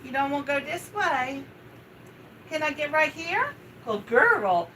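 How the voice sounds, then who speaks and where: A woman's voice: high voice, sing-song, measured pace, bright, forceful tone, slight background noise, low-quality recording. A woman hosting a live stream, talking casually while she grooms her dog, with a coaxing, soothing baby-talk manner. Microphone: home live-stream setup.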